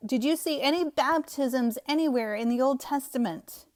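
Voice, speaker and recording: A woman's voice: on the high side, normal speed, few pauses. A scornful, emphatic woman teaching scripture. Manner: scornful, emphatic, laughs at the text. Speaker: Bible teacher. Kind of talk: scriptural commentary to viewers.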